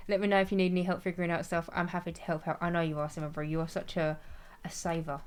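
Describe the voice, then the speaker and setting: A woman's voice: on the low side, steady tone, quick pace, few pauses. Chatty woman streamer. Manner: chatty, rambling, self-deprecating, laughs often. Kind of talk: casual chat while gaming, reading chat aloud.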